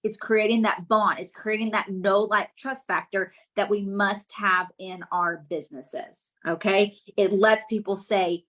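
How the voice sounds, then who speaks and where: A woman giving a lively business coaching talk on a live stream, often checking in with her audience. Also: mid-range voice, unhurried, hardly any pauses. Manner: energetic, keeps checking in with the audience.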